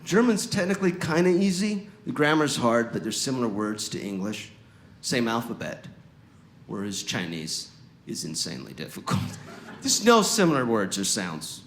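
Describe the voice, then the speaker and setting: A man from Utah doing stand-up comedy on stage, sarcastic and animated, with wry asides. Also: medium pitch, normal speed, roomy sound, slight background noise. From Utah, USA. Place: comedy stage before a live audience.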